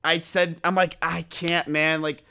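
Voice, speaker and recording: A young man streaming, telling a story to his chat in a casual, animated way with plenty of swearing and self-mockery. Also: on the high side, a little slow, creaky, clear, resonant tone.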